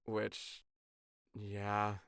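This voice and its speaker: A man co-hosting a podcast, recapping a cartoon episode in a casual, sarcastic, animated way. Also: on the low side, very slow, vocal fry, smooth, no room sound, studio quality. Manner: animated, sarcastic storytelling with profanity. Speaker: podcast co-host.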